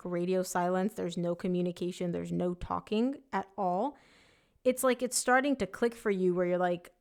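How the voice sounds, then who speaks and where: A woman's voice: medium pitch, creaky. Chatty woman giving a tarot reading. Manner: chatty, emphatic, voices the client's thoughts. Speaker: tarot reader.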